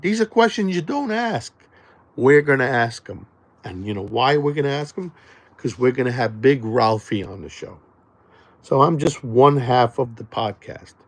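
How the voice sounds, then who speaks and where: Gravelly, rowdy man hyping his podcast. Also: medium pitch. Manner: loud, jokey, swings between shouting and muttering. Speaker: podcast host. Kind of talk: hyped podcast promo monologue.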